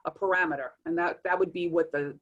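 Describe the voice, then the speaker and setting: A woman's voice: on the low side, fast, dull audio. A woman being interviewed as a tarot reader, explaining how readings work and acting out little exchanges as she goes. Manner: animated, acts out readings in quoted asides.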